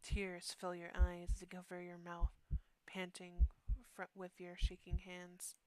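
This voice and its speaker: A woman streamer reading a horror game's text aloud, slow and deliberate, often dropping to a hushed near-whisper, with quick asides between passages. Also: lowish voice, monotone, no echo, poor audio.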